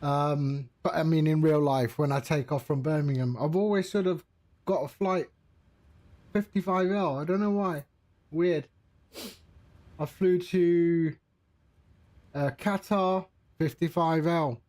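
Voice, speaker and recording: A man giving casual live-stream commentary as he sets up a flight simulator, chatting to viewers in a relaxed, rambling way. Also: on the high side, slow pace, long pauses.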